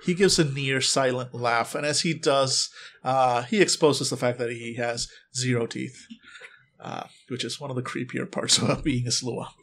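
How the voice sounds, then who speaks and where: A man's voice: mid-range voice, fairly even intonation, normal speed, creaky, a bit bright. A man running a tabletop game as game master, narrating in a rambling way with many ums and restarts.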